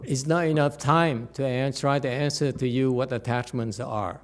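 A man as a Buddhist teacher giving a dharma talk, rhetorical and animated, with many fillers and restarts. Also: medium pitch, moderate pace.

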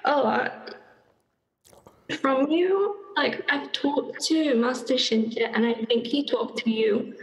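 A woman's voice: sits high, low-quality recording. A woman confessing nervously and apologetically to her teacher, close to tears. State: crying. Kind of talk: emotional public repentance.

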